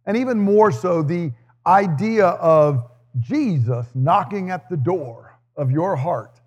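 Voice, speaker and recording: A man with a fairly high voice preaches a sermon, reading scripture and then explaining it in an earnest, teaching manner. Light humor slips into his delivery. The recording carries the long reverb of a large hall. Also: expressive, slow, darkish tone, breathy edge. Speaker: pastor.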